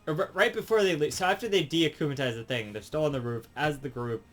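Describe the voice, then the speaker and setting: A man giving a rambling, casual review, halting through many fillers and restarts. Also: fairly high pitch, a bit bright, soft background music.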